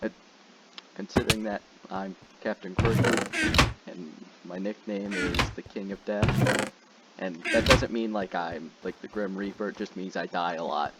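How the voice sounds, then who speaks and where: A young man giving casual gameplay commentary as a channel host, jokey and excitable, shouting when frustrated. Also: low-pitched, moderate pace. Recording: loud background noise.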